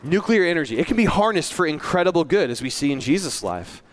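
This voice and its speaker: A man's voice: a little high, big pitch swings, quick pace, slight background noise. A male pastor giving a sermon in a church, earnest and conversational, with self-deprecating asides.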